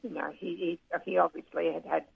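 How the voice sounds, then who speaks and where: Woman, phone interview, gravelly husky voice, tinny phone line. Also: on the low side, fairly even intonation, fairly quick, no room sound. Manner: fond, hesitant, with many restarts. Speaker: racing club manager. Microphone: telephone.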